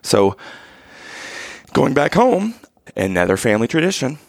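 Gravelly man telling a lively story. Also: mid-range voice, a little slow, dry recording, clean studio sound. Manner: animated, rising to loud exasperation when quoting himself. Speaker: podcast co-host. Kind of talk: storytelling in casual chat.

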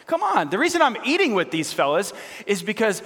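A man's voice: high-pitched, wildly swooping pitch, fairly quick, fairly bright tone, voice pushed up, exaggerated voice. Man doing a patient coaxing teacher, earnest, raised voice, hall reverb. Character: patient male teacher coaxing his critics.

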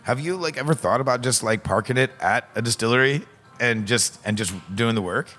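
A man's voice: medium pitch, brisk, bright, forceful tone. A man in his forties hosting a casual chat, rambling loosely and swearing now and then. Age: 40s. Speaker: podcast host.

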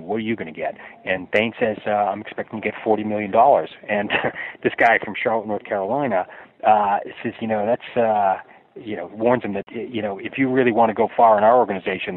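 A male author answering interview questions in a conversational way, often halting and repeating words as he thinks. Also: lowish voice. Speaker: author guest. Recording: tinny phone line.

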